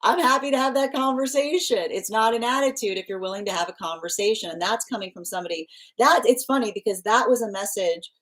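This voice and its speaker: A woman's voice: mid-range voice, fast talker, few pauses. A woman giving a live tarot reading, rambling and emphatic, with frequent restarts and repeated phrases. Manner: emphatic, insistent. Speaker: tarot reader.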